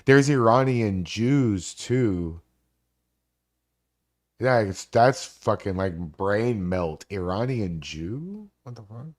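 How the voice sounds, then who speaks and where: A man in his forties with a lowish voice chats on a live stream, swearing freely as he rambles. He jumps from one story to the next with animated, loose energy. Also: slow. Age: 40s. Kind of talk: casual live-stream chat.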